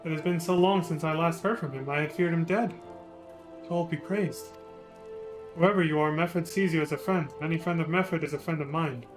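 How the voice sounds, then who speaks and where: A man reading the lines of a wary older male resistance elder from a game, formal and measured. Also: on the high side, over music, lightly acted. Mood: guarded. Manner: cold at first, measured and formal. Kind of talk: reading game dialogue aloud.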